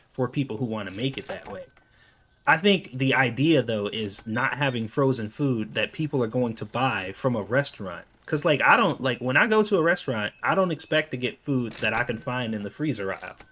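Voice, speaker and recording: A man's voice: mid-range voice, fairly bright tone. Rambling, casual male gaming YouTuber. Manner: rambling, heavy use of "like", casual swearing. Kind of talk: casual gameplay commentary.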